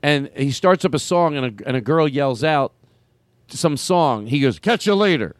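A man's voice: medium pitch, expressive, measured pace, no room sound. A man hosting a comedy podcast, riffing loosely, restarting bits and directing the crew as he goes. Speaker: podcast host.

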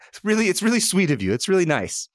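A man's voice: high voice, sing-song, fast talker, no echo, studio quality, pitched above the performer's own voice. A man voicing an earnest, easily flustered male pizzeria owner.

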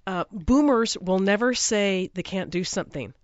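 A middle-aged woman co-hosts a casual podcast chat and reflects thoughtfully on the lessons in each story. Her pitch is mid-range. The sound is dry and a little dull. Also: expressive, normal speed, no room sound. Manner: reflective, drawing lessons from stories. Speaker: podcast co-host.

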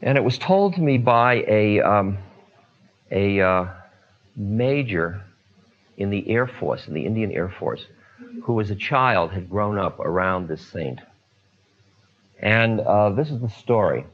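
Unhurried man telling spiritual stories. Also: on the low side, animated. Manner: unhurried, many pauses and fillers. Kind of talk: storytelling talk. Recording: dull lo-fi recording.

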